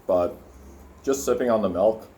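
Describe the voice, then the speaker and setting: Low-voiced young man rambling while eating. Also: normal speed, warm tone, a little hiss or hum. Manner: rambling, profane, filler-heavy, talking while eating. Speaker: vlogger. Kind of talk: casual food vlog with rant. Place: his room indoors.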